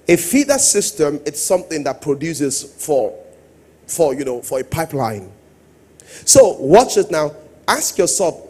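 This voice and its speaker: Male pastor, husky high voice, sermon delivery that drops to quiet asides and rises to sung-out calls. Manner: swings between soft asides and loud sung-out exhortation.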